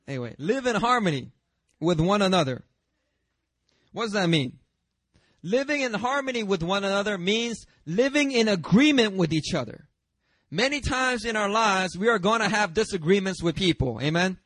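Guy pastor preaching, kinda high voice, chatty and jokey about himself, dry close sound. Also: moderate pace, dry recording. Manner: lively and conversational, with asides and laughter; confrontational, self-deprecating humor. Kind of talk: sermon.

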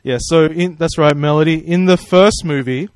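A man's voice: a little high, normal speed, no room sound. A man preaching a sermon in a friendly, conversational way, praying and asking the congregation questions. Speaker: pastor.

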